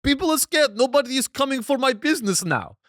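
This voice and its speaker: A man voicing an excitable male kebab vendor who complains about lost sales in an exaggerated put-on foreign accent. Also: very high-pitched, fast, dry recording, studio quality, pitched above the performer's own voice. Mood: indignant.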